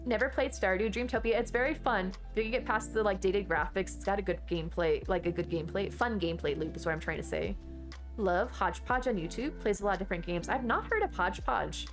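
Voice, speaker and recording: A woman's voice: medium pitch, quick pace, music in the background. A woman from Texas, chatting casually with her viewers and answering chat during a game stream.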